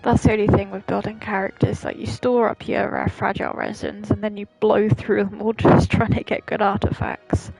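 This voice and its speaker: A young Scottish woman with a softened accent, chatting casually while streaming a game. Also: mid-range voice, flat delivery, moderate pace, vocal fry, few pauses, faint music behind, rough recording. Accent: Scottish, softened toward British. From Scotland. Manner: chatty, rambling. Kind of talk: casual gameplay commentary.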